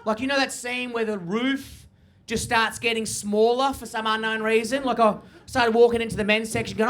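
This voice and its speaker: A young man does stand-up on a stage, talking fast and swearing as he acts out the people in his stories. His voice is bright and forceful, delivered into a handheld mic. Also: very high-pitched, fairly even intonation, slight background noise. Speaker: stand-up comedian. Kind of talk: stand-up comedy set. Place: comedy stage before a live audience.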